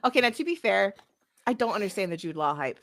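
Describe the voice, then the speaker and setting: A woman's voice: mid-range voice, sing-song, fast, a bit bright. A young woman chatting animatedly as a podcast co-host and game master, laughing often. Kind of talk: casual chat.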